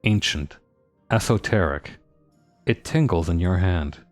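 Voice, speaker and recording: A man's voice: sits low, animated, normal speed, a little mellow, no room sound, faint music behind. A man streaming a story game, reading its narration aloud with dramatic pacing and joking asides.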